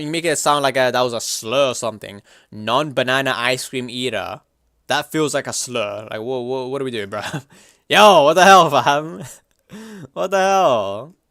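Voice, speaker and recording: A young man livestreaming, chatting casually and reacting to chat in a slangy, animated way. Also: mid-range voice, smooth, dry recording, clean studio sound.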